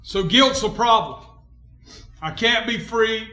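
Emphatic high-voiced male preacher. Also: takes it slowly, roomy sound. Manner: emphatic preaching, swings between quiet and loud, calls for amens. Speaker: pastor. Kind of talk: sermon. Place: church.

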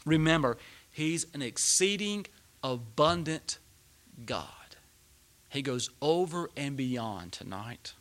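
A man's voice: medium pitch, lively intonation, takes it slowly, a bit bright. A middle-aged man preaching a sermon, telling a personal story and building to emphatic peaks.

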